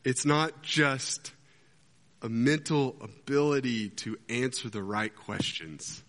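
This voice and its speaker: A man preaching a sermon as pastor, an animated storyteller who acts out scenes as he talks. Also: mid-range voice, slow. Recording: long hall reverb.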